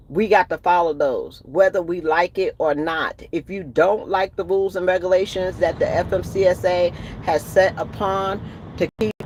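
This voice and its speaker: A woman truck driver, ranting in a vlog and retelling her conversations with emphatic, indignant outbursts. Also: lowish voice. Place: in or by a truck at a roadside.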